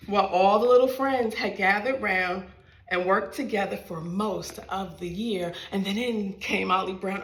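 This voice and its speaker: A woman's voice: medium pitch, a little slow, a bit bright, roomy sound. A woman reading her own picture book aloud to small children in a library, playful and sing-song, talking straight to her young listeners.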